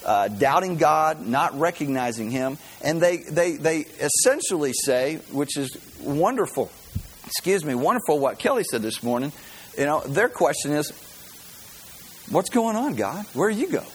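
A man's voice: fairly high pitch, animated, moderate pace, slightly rough, rough recording. Folksy man preaching. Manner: folksy, conversational storytelling with jokes. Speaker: pastor. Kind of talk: sermon.

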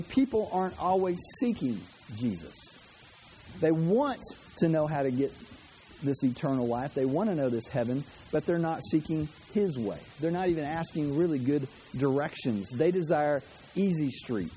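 A man's voice: a little high, warm tone, slight background noise. A man preaching a sermon as pastor, chatty and conversational, with joking asides to the congregation.

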